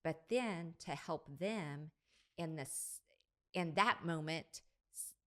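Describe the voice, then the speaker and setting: An older woman hosting a parenting podcast, giving measured, thoughtful advice in a casual discussion. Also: low voice. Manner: measured, thoughtful, drops softer when quoting parent-child talk.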